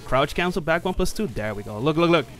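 Excitable man yelping through game commentary. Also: on the high side, fast talker, faint music behind. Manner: excitable, swears and laughs often, sudden yelps. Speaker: streamer playing an online fighting game. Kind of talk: casual live gameplay commentary.

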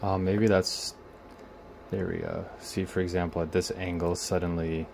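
A repair video host narrates fixing a guitar pedal at his workbench, thinking aloud as he tests and troubleshoots. He's unhurried and trails off while he works. His voice is low, gravelly and a little mellow, with little pitch movement, over slight background noise.

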